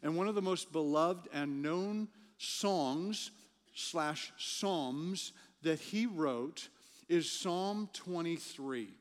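A man's voice: a little high, drawn-out words. A man preaching a sermon as a pastor, conversational, repeating words as he builds a point. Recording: long hall reverb.

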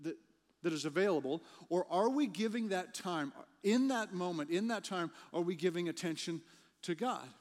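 A man's voice: high-pitched, animated, moderate pace. A man preaching a sermon as a pastor, conversational, repeating words as he builds a point. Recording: long hall reverb.

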